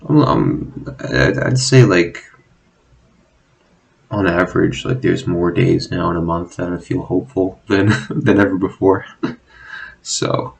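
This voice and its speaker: A young man talking casually in a rambling, self-deprecating monologue, swearing often and filling pauses with "like" and "um". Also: deep voice, creaky, low-quality recording. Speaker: vlogger. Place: at home, drinking.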